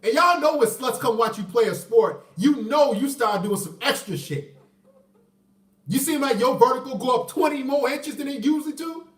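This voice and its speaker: A man tells a story casually, cursing freely and jumping from loud outbursts to low mutters. His pitch swoops widely. He sits away from the mic in a room with a roomy echo. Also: moderate pace, far from the mic. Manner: animated and profane, swinging between loud outbursts and low mutters. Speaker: vlogger telling a personal story.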